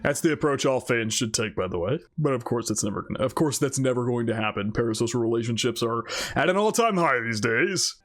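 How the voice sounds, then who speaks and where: A man hosting an anime reaction video, chatting casually in an excitable, rambling way and laughing often. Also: medium pitch, fairly quick, faint music behind.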